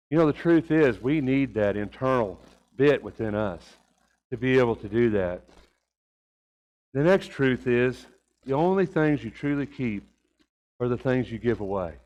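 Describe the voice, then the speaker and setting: A man's voice: mid-range voice, lively intonation, moderate pace, a little mellow, low-quality recording. An older man preaching a Sunday sermon, telling folksy stories and rising to emphatic points.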